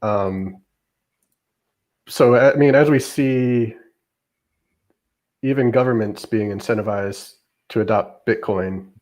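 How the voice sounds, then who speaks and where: Male panel guest, fairly low voice, filler-heavy, halting. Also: a little mellow. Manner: halting, many fillers like "I mean" and "like". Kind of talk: casual discussion.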